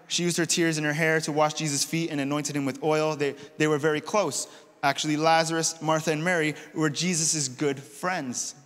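A man preaching in a church, his voice sitting a little high for a man, with a long hall reverb trailing behind every phrase. He retells scripture casually, like a friend telling a story. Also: fairly bright tone. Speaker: pastor. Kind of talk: sermon. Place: church auditorium.

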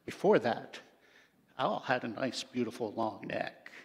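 A male pastor with a mid-range voice and lively intonation tells an unhurried animal story during his sermon, performing each creature. The recording comes from a church sanctuary with long reverb.

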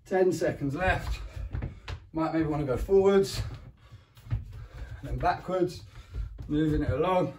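In an echoey room with a far-away mic and slight background noise, a primary school PE teacher with an English accent guides young children through PE at home. His voice is a little mellow, slow-paced and full of long pauses. He cheers them on, counts down, praises them frequently and makes animal sounds, roars and squeaks.

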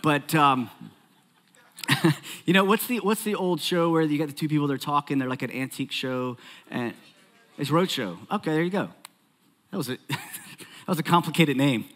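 A man preaching a sermon in a church, conversational and animated, joking and acting out little asides. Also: fairly high pitch, normal speed, pauses often. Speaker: pastor.

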